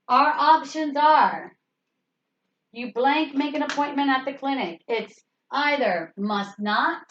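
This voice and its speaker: A woman's voice: high-pitched, a bit bright. A woman teaching an English grammar lesson, patiently repeating example sentences and asking rhetorical questions. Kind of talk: slow grammar lesson explanation. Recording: slightly dull lo-fi recording.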